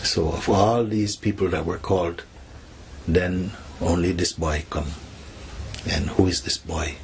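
A man, a spiritual teacher, telling a teaching story softly and acting out the characters' lines. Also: low voice, steady tone, unhurried, slight background noise.

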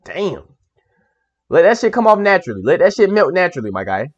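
A young man hosting a reaction video, giving casual commentary that is animated, exclamatory and profane, and laughing often. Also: high voice, fairly quick, highs cut off.

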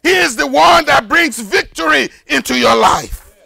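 Older man, pastor, slow deliberate delivery, very gravelly voice, fervent shouted sermon. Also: very high-pitched, animated. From Nigeria. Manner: fervent preaching, rises to shouted emphasis and repetition.

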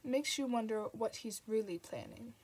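A woman's voice: on the high side, moderate pace, darkish tone, husky. A woman voicing a sly, sarcastic male demon in an audiobook, wry and teasing. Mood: sardonic. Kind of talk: audiobook reading.

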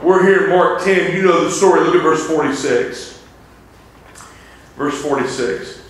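High-voiced preacher in an echoey church. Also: male voice, unhurried. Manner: fervent preaching with quoted scripture in old-style wording. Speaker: evangelist preacher. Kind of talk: revival sermon. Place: church sanctuary.

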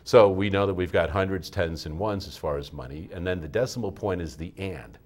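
A low, husky male voice belongs to a math show host speaking in a TV studio. He teaches patiently, walking a young student through each step. He keeps checking in with an easy "all right?". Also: fairly quick, a little mellow. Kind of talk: friendly classroom-style teaching.

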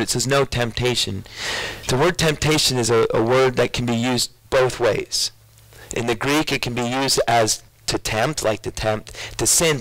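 A man's voice: on the high side, fairly bright tone, low-quality recording. A man preaching a sermon as a pastor, calling out questions to his congregation. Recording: radio broadcast of a church sermon.

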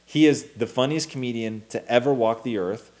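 A man in his thirties co-hosting a casual talk show, telling a story with animated energy, acting out quotes and swearing freely. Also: medium pitch, fairly quick. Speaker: co-host.

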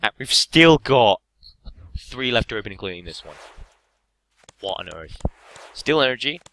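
Young English man, card-opening vlogger, hyperactive and sweary, bright, swooping pitch. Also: big pitch swings, normal speed. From England. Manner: hyperactive, swearing, laughing often. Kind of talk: casual pack-opening commentary.

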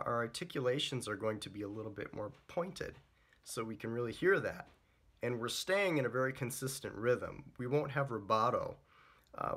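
A young man teaching trumpet in a chatty, relaxed way, sometimes scatting the phrases. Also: medium pitch, breathy edge. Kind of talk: casual music lesson.

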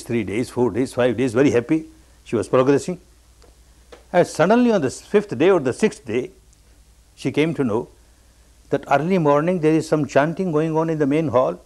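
An older male meditation teacher delivers a dharma talk at a measured, middle-pitched level. He tells stories patiently and drives his points home by repeating phrases as refrains. He is from Burma. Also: darkish tone. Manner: repetitive and emphatic, storytelling with refrains.

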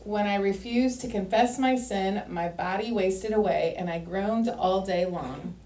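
A woman reading scripture in an even, steady voice, with a mid-range pitch. She is heard from a distance, with the echo of a large room around her. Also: unhurried. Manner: steady reading with short affirmations. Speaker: scripture reader. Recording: echoey room, mic at a distance.

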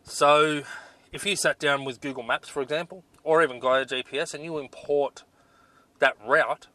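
A man's voice: a little high, steady tone, moderate pace, pushed and bright, dry recording. A man reviewing off-road navigation gear in a casual vlog, blunt and exasperated, with lots of ums. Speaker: 4WD touring vlogger.

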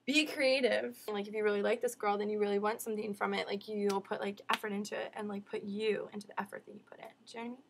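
A woman co-hosting a casual advice chat, full of "like" and trailing off softly. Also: mid-range voice, flat delivery, fast, creaky, few pauses, background noise. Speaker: advice show co-host.

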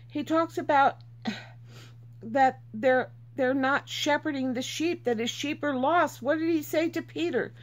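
A woman reading Bible verses aloud and teaching from them in an earnest, informal way, repeating herself for emphasis. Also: high voice.

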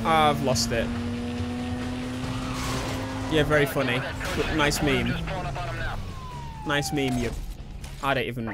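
A man hosting a racing-game let's play, rambling and excitable, yelling one moment and muttering the next. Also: on the high side. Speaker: gaming channel host. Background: racing game music and engine sounds.

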